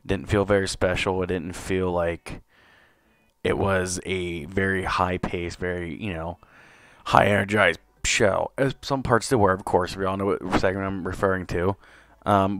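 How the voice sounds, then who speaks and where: A man's voice: low-pitched, fairly bright tone, dry recording. A young man hosting a live wrestling review stream, ranting angrily and swearing constantly. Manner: angry profane ranting, frequent cursing. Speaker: wrestling podcast host.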